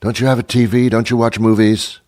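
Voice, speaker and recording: A man's voice: mid-range voice, little pitch movement, fairly quick, darkish tone, dry recording. A middle-aged man hosting a talk show, delivering an exasperated comic rant full of rhetorical questions into a studio mic. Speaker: radio show host.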